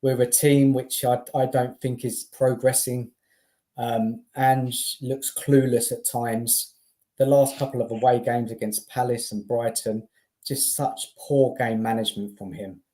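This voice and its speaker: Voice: mid-range voice, steady tone, a little slow, warm tone. A speaker, a guest on a football stream, talking in an exasperated, emphatic way with stammered restarts. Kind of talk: casual football chat.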